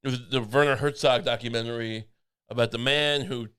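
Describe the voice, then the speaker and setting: Bright-voiced joking male podcaster. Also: mid-range voice, fairly even intonation, a little fast, clear, resonant tone. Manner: joking, rambling with frequent restarts. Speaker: podcast co-host. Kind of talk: casual comedic chat.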